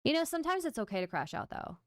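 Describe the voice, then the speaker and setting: She talks fast in a high voice with big pitch swings while hosting a livestream. Casual and playful, she mocks herself and addresses chat directly. The recording is dry, clean studio sound.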